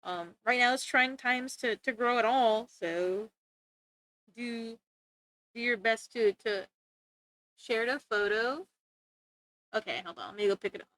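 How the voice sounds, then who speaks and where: A woman's voice: a little high, measured pace, pauses often, a bit bright, dry recording. A woman chatting casually to her viewers while streaming art, bubbly and laughing often. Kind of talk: casual livestream chat.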